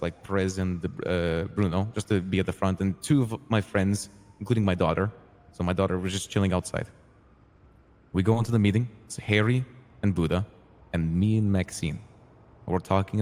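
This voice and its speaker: A streetwise crew boss, voiced by a man in a roleplay game, earnest and hot-tempered. He tells his side animatedly, acts out the lines of others and swears freely. His voice sits a little low, with a long reverb tail behind it. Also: a little fast, a little mellow, close to an everyday voice. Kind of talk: in-character storytelling in a roleplay game.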